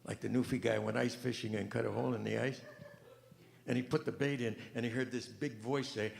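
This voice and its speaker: A man doing rambling stand-up comedy with a deadpan delivery, recorded live on stage. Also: mid-range voice, quick pace, gravelly. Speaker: comedian and pianist. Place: large event hall on stage. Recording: echoey hall, live stage mic.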